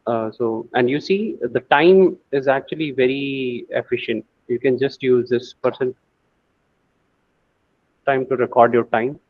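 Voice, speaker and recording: A man's voice: mid-range voice, measured pace, dry recording, phone-quality sound. A man teaching a screen-share coding lesson, thinking aloud with many fillers and restarts. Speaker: AI course instructor.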